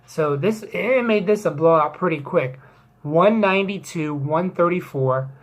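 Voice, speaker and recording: Slow-talking wisecracking woman recapping. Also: on the low side. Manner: wisecracking, rambling with fillers, playful crude asides. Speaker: fantasy football league recap host. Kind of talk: casual joking sports recap.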